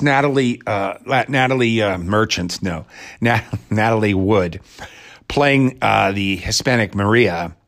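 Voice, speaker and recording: A man's voice: lowish voice, fairly bright tone. A man giving a rambling, casual movie review rant in a sarcastic, crude and irreverent way, with mocking asides.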